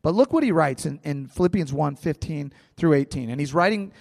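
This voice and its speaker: Male pastor, conversational sermon, fairly high voice, long hall echo. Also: animated, a little fast, vocal fry, a little mellow. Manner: conversational preaching with anecdotes and restarts.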